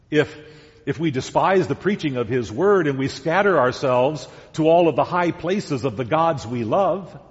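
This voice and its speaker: A man preaching a sermon as pastor, deliberate and emphatic, repeating key words. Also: a little high. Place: church sanctuary. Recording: dull sound with long church reverb.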